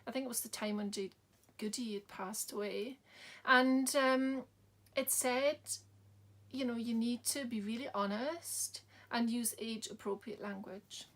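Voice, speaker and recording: Soft-spoken woman telling her story. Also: fairly high pitch, a little slow. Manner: soft-spoken, drops to whispers. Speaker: bereaved mother. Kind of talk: personal storytelling talk.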